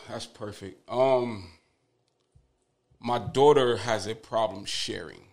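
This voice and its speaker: A young man, a father of twins, telling stories as a podcast guest in a casual, animated, profane way. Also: fairly low pitch, takes it slowly, gravelly. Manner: animated, profane storytelling with laughter.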